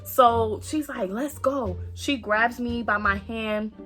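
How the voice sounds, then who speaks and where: A young woman with a bright, forceful, fairly high voice tells a story straight to her viewers. She is animated and freely profane, and she slips into the voices of the people in her tale. Faint music plays beneath her. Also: takes it slowly. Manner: acts out quoted voices. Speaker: storytime vlogger. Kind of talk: casual storytelling to camera.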